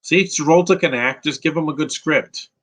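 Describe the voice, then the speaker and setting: A man from New York runs a live film commentary podcast with a bright, tense voice. He rambles from one opinionated take to the next, often restarts his sentences, and answers chat questions as they come in. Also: on the high side, normal speed, poor audio. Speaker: podcast host.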